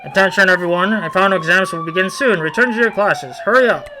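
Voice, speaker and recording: A man's voice: high voice, fast talker, noisy background, close to an everyday voice. A man doing a stern barking school officer. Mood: commanding. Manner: loud, commanding.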